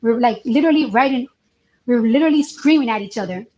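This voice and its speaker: A woman testifying in a courtroom, telling her side in an animated way and acting out what others said. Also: a little high, fast talker, reverberant, slight background noise, rough recording. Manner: animated, reenacts dialogue with lively voices.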